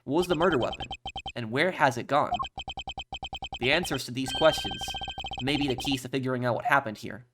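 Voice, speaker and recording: A man voicing a composed, stern male prosecutor who speaks in a measured, formal way, over game music. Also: huge pitch swings. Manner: measured, formal, lower and quieter. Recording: game music playing underneath.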